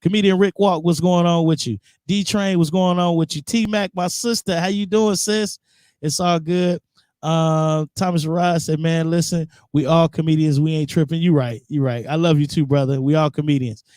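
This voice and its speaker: A man's voice: a little high, steady tone, normal speed, a little mellow, no echo, studio quality. Laid-back man guest-hosting a live show. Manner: laid-back, reads out viewer comments. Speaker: guest host. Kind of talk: casual live radio chat.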